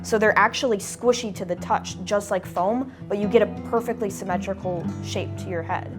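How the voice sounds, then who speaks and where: A woman's voice: medium pitch, normal speed. A young woman in a documentary interview, explaining how she makes fursuits in a chatty way, filling her talk with "like". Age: young adult. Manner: chatty, peppered with "like". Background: background music.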